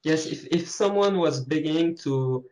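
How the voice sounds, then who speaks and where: A man's voice: on the high side, normal speed, a little mellow, poor audio. A man from France with a French accent, guesting on an interview, searching for English words. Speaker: guest artist. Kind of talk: casual interview chat.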